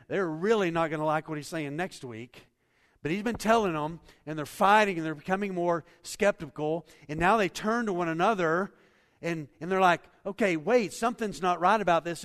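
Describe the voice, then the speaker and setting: A man preaching a sermon, animated, acting out quotes and swinging between loud and soft. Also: a little high. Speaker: pastor. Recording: hall reverb.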